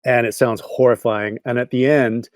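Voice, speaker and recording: A man's voice: medium pitch, fairly even intonation, moderate pace, no echo, clean studio sound. A man with a Canadian accent, a game composer chatting in an interview, enthusiastic and rambling, laughing often. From England, Cornwall. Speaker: video game composer and voice director. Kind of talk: casual interview chat.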